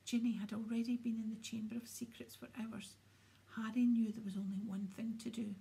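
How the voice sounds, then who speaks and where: A woman reading a children's fantasy novel aloud, often sinking into a hushed whisper as she narrates. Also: fairly high pitch, level tone, fairly quick, gravelly, rough recording. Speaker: audiobook reader. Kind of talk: storybook narration.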